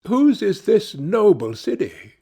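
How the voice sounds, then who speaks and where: A man's voice: sits high, sing-song, slow, gravelly, mellow, husky, pitched above the performer's own voice, exaggerated voice. A man voicing a haughty, scornful princess. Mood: lamenting.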